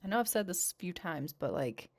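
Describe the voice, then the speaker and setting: A woman's voice: lowish voice, big pitch swings, a little fast. A woman giving a casual voice-over of a life-simulation game, chatting and cooing at her characters as she plays. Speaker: gaming channel host. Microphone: home voice-over mic.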